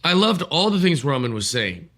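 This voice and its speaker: A man's voice: fairly high pitch, big pitch swings, moderate pace, pushed and bright. A man co-hosting a podcast, chatting casually and enthusiastically about wrestling.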